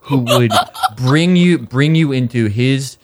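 A man's voice: mid-range voice, slow, noisy background. A man playing a tabletop game, speaking in character with impassioned, rambling talk. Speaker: player. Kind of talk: in-character role-play.

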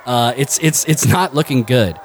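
A man's voice: mid-range voice, normal speed, a little hiss or hum. Man game master, rambling, filler-heavy, crude narration of a tabletop game.

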